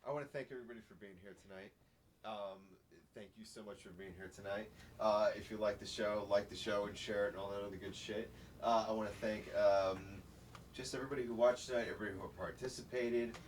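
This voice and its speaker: A man's voice: lowish voice, fairly even intonation, fast. A man hosting a casual talk show, wrapping up the episode in a loose, rambling way with some casual swearing. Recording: distant mic, faint room noise.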